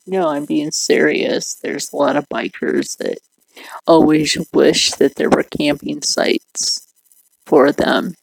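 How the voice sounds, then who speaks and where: A woman's voice: sits low, fairly even intonation, slow pace, vocal fry, long pauses, husky, dry recording, low-quality recording. A middle-aged woman hosting a livestream, rambling along in casual chat and laughing often. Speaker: livestream host.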